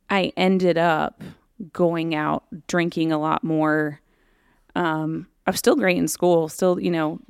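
A woman hosting a podcast, telling her own story candidly in a halting way with frequent fillers. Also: lowish voice, vocal fry, clear, resonant tone, no echo, clean studio sound. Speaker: podcast host. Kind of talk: personal storytelling.

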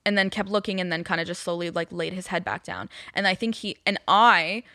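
A woman's voice: lowish voice, fairly quick, dry recording, clean studio sound. Young woman telling a story with endless fillers. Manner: rambling, many fillers, animated retelling. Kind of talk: casual storytelling chat.

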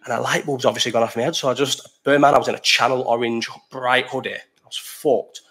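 A young man talks very fast on his live chat stream, his voice sitting at an ordinary mid pitch. He rambles, swears casually, and cuts himself off mid-sentence to answer viewers before diving back into the story. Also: steady tone, a bit bright, breathy edge. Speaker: livestream host.

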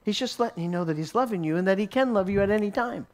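A man's voice: high voice, fast talker. A man teaching a sermon as a story, often repeating words as he restarts and chuckling along. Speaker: Christian teacher.

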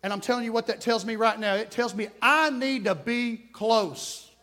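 A man preaching a sermon to a congregation, swinging between shouted exhortation and hushed asides. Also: extremely high pitch, normal speed. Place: church sanctuary.

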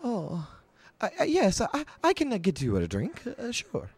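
A man's voice: high voice, wildly swooping pitch, measured pace, darkish tone, slightly rough, voice pushed up, exaggerated voice. A man voicing a short, flustered male writer who stammers and fusses, with filler sounds between words. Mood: flustered eager. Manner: stammering, fussy.

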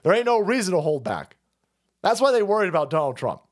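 A man's voice: high-pitched, very animated, fast talker. A man hosting a livestream, giving crude, mocking political commentary and laughing at clips. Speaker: streamer host. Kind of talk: profane political commentary stream.

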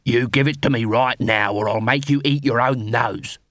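A man's voice: medium pitch, steady tone, normal speed, a bit bright, dry recording, natural voice. Pushy dwarf watchman, threatening and blunt, read by a man; dry mic. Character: gruff male dwarf watch officer, pushy.

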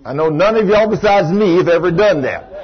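A man, preaching a folksy, animated storytelling sermon and acting out the people in it. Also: high-pitched, fairly quick, slightly rough. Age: 60s. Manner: folksy, animated, acts out the people in his stories. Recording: dull lo-fi sermon recording.

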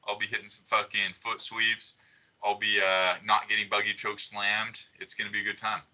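A man's voice: lowish voice, monotone, normal speed, pushed and bright, rough recording. A young man chatting casually as a podcast guest, swearing freely and full of likes and you-knows. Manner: swears a lot, laid-back filler-heavy talk. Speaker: podcast guest, jiu-jitsu competitor.

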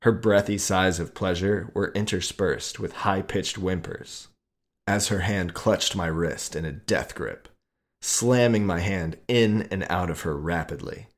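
A man reading his own adult short story aloud in a slow, measured way. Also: deep voice.

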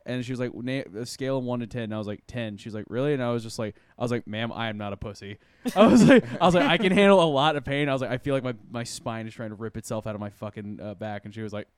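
Fast-talking man telling stories. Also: medium pitch, clear, resonant tone, no room sound. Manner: fast, swearing storyteller. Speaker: podcast guest. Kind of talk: casual chat, storytelling.

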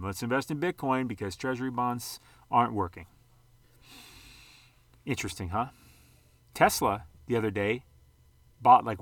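A man's voice: fairly low pitch, fairly bright tone, no room sound. A man hosting a casual vlog, rambling and conversational, throwing out rhetorical questions and the odd mild curse. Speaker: sports card channel host.

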